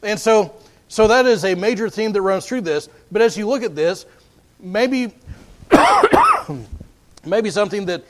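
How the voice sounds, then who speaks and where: A man's voice: high voice, huge pitch swings, slow, pauses often, slight background noise. A man preaching a sermon in an earnest way, often repeating words as he builds his points.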